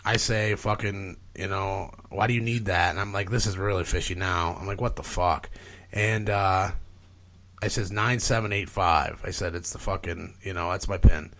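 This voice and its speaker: A man's voice: sits low, moderate pace. A man, a podcast guest, telling a long, rambling story in casual chat, swearing freely and filling gaps with "like" and "you know". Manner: profane, rambling, animated retelling with filler words.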